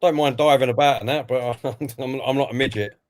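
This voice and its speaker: A man's voice: medium pitch, fairly even intonation, brisk. A man co-hosting a football watch-along stream, giving live commentary and reading out viewer comments before giving his own view. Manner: chatty, reads out chat messages and then gives his view.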